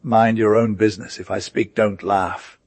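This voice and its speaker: A fiery young debater bursting with scorn and agitation, as a man reads him in an audiobook. The voice sits fairly low and close, with a dry, unreverberant sound. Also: fairly even intonation, normal speed, darkish tone, no echo, lightly acted. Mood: heated.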